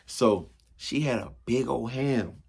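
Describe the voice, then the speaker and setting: A man telling a funny personal story to his viewers in a casual, slangy way, acting out the crashes and his own yells. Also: medium pitch, slow pace, vocal fry, noisy background. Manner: animated, acts out yells and crashes.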